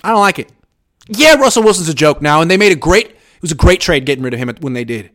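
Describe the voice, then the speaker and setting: A man hosting a casual live sports chat, reading viewer comments and giving sarcastic, animated takes. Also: fast talker. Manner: animated, sarcastic, jumps up in pitch for emphasis.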